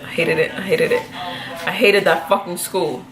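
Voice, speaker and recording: A young adult woman telling a casual storytime story in a profane, slangy, animated way. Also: on the low side, moderate pace, a crowd in the background. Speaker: vlogger.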